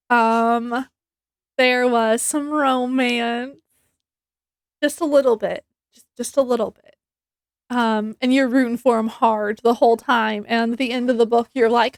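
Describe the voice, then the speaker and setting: A woman reviews a book in a casual vlog, speaking slowly in a slightly high voice with fairly even intonation. She rambles chattily with many ums and restarts, laughs easily, and acts out her reactions, all in a close, dry recording with no room sound.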